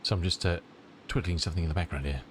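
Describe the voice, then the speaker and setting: Congested low-voiced southern English man. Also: fairly even intonation, rapid-fire, slight background noise. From southern England. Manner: chatty, rambling, answering chat. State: congested from a cold. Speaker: flight-sim streamer. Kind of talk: casual live-stream chat.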